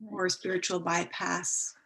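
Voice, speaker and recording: A woman in a discussion group asks a question over a video call. Her voice stays flat and even, and she speaks softly, pausing as she goes. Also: fairly low pitch, vocal fry, rough recording. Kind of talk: asking a question.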